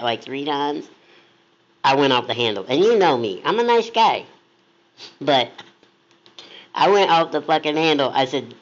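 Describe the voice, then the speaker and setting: A man's voice: a little high, moderate pace, pauses often. A man co-hosts a casual chat and tells his story with plenty of energy, acting out the voices of the people in it. The recording sounds dull and lo-fi. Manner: animated, acts out quoted voices. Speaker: blog co-host.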